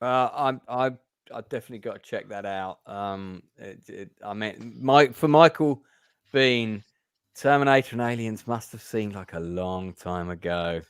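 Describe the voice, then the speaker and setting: Low-voiced man hosting a chat. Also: normal speed, clean tone, dry recording, clean studio sound. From England. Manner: chatty, stumbling restarts. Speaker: host. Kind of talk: casual chat.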